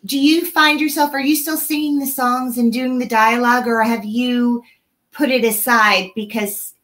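A woman's voice: a little high, fairly even intonation, moderate pace, a bit bright. A woman hosting a casual interview, asking eager follow-up questions. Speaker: host.

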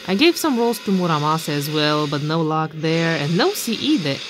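A woman streamer casually commenting on her game pulls, excitable and swearing freely when surprised. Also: sits low, normal speed, background noise. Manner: excitable, swears and shouts in disbelief. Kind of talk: casual commentary while playing. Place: bedroom.

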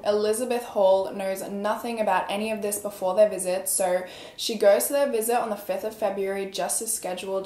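A woman's voice: medium pitch, darkish tone. A young woman telling a true crime story in a casual, chatty way, full of fillers. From Australia. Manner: chatty, filler-heavy, conversational. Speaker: true crime podcast host. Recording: echoey room.

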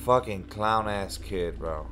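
A man's voice: on the low side, slow, background noise. A young man streaming a basketball video game, cursing and trash-talking his opponent while thanking viewers for donations. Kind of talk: live game stream commentary.

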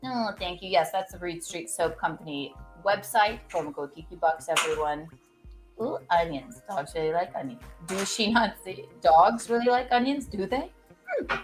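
A woman's voice: lowish voice, moderate pace, music in the background. A woman hosting a casual cooking live stream, chatting to her viewers while she cooks and repeating goofy catchphrases. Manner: joking, rambling, repeats silly catchphrases.

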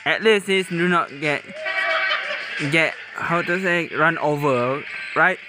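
Man, casual reaction commentary, slow pace, laughs a lot, broken English, music underneath. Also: fairly high pitch. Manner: laughs often, exclaims, halting non-native English. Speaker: reaction video host.

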